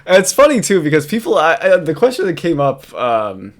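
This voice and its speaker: A man's voice: a little high, wildly swooping pitch, a little fast. A man with a New York accent, talking through a casual reaction commentary. He rambles between points, swears freely and keeps breaking into laughter as he mocks what he is watching.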